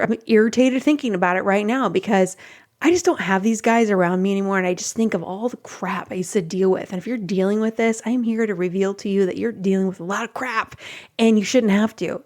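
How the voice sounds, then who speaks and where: A middle-aged woman hosting a relationship talk show, chatting casually and acting out the lines she quotes. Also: mid-range voice. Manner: chatty and animated, acts out quotes. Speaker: relationship podcast host. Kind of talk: casual advice monologue.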